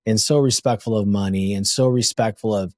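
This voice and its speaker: A man's voice: lowish voice, fairly quick, a little mellow, no echo. A man hosting a podcast interview, enthusiastic and a little rambling, sharing stories about his son. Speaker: podcast host. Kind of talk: casual interview conversation.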